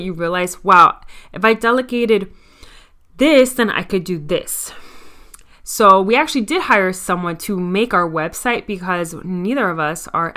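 A woman with a Miami accent hosts her own solo podcast in a medium-pitched, bright and forceful voice. Her casual talk is chatty, candid and self-mocking.

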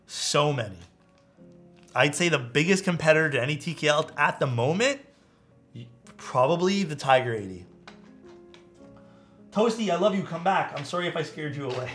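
A man's voice: fairly high pitch, fairly bright tone. A man building a keyboard live on stream, chatting casually, thinking aloud and answering his chat.

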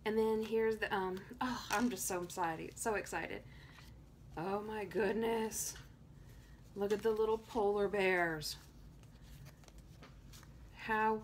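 A woman from Tennessee gushing excitedly as she opens happy mail at home in a casual vlog. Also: medium pitch, slow, long pauses, slight background noise. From Tennessee, USA. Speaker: planner vlogger.

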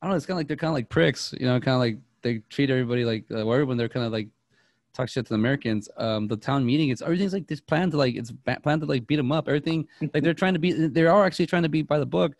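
A man talks through a movie on a podcast at a quick clip, his sentences tumbling over one another as he restarts and corrects himself. The sound is close and dry, with no room around it. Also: medium pitch, vocal fry, no echo. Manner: rambling and excitable, piling up restarts. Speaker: podcast co-host. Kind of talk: casual movie chat.

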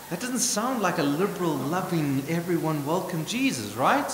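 A male pastor preaching a sermon with emphatic points and wry asides, swinging from loud stresses to hushed remarks. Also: on the high side, expressive, brisk, few pauses. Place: church hall. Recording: echoey church hall with hiss.

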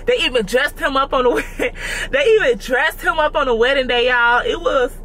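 A woman's voice: high voice, moderate pace, fairly bright tone, a little hiss or hum. A young woman chatting casually to her viewers, calling them y'all. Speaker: vlogger. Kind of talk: casual mukbang chat to viewers.

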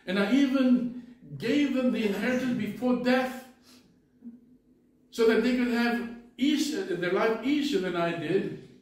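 A man's voice: a little high, slow, pauses often. A man voicing a bitter, lonely old man in his eighties who talks in a shaky, raised, pleading way. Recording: echoey church from far off.

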